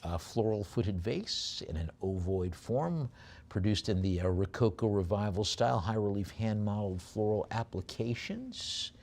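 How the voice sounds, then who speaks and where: A male auctioneer calling a live auction, rattling off bids quickly and describing each lot more slowly with frequent fillers. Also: fairly low pitch, a little mellow. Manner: rapid bid calling between slower item descriptions with many fillers.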